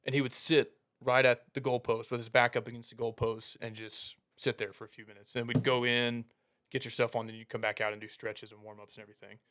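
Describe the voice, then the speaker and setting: Man, young adult, casual storytelling, animated, laughs at punchlines, imitates coaches, podcast co-host. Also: mid-range voice, fast.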